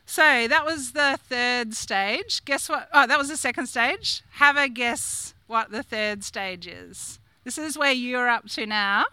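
A woman in her fifties preaches a sermon in a chatty, questioning way, laughing now and then. Her voice is bright and crisp, pitched a little high. The sound is close and dry. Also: slow, hardly any pauses, no echo. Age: 50s. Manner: chatty, asks the congregation questions, laughs often. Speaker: guest preacher. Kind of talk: conversational sermon.

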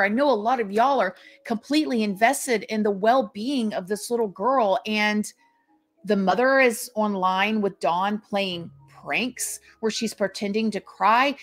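Indignant woman hosting true crime. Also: fairly high pitch. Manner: indignant, emphatic. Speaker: true crime channel host.

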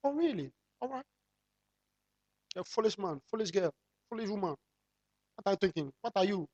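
A pastor preaching a sermon, firing rhetorical questions at the congregation and drawing out key phrases slowly for emphasis. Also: medium pitch, big pitch swings, a little mellow, highs cut off.

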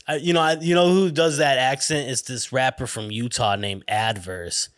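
A man's voice: mid-range voice, normal speed, a bit bright, dry recording. Rambling, self-conscious man on a dry podcast mic. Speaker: podcast host. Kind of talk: casual podcast chat.

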